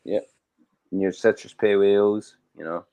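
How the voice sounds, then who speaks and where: A man's voice: lowish voice, fairly even intonation, moderate pace, dark tone, smooth, highs cut off. A man with a Scottish accent chatting casually, swearing freely and loosely. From Scotland. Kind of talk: casual chat.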